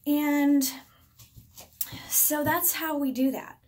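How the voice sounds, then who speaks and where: A woman's voice: high voice, fairly even intonation, extremely slow, darkish tone. A woman in her thirties telling a personal story in a casual home vlog, chatty, with many fillers, and acting out what people said. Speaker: vlogger. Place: indoors at home.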